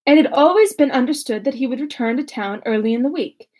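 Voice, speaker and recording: A woman's voice: high-pitched, animated, quick pace, darkish tone. A young woman who chats casually and self-mockingly with many fillers, then reads a classic novel aloud. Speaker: audiobook reader.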